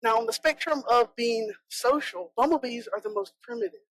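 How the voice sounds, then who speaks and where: Lively, gravelly Southern woman speaker. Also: a little high, moderate pace, dry recording, poor audio. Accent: Southern American. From South Georgia, USA. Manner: chatty, joking, animated. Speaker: conference speaker, bee inspector. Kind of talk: conference talk. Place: conference room.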